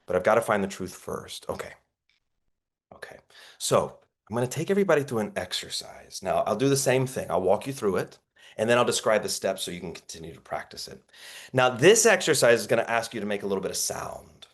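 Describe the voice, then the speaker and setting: A man's voice: lowish voice, sing-song, fairly quick. A man coaching actors in an online workshop, telling stories in an earnest, reflective way over a video call. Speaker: acting coach.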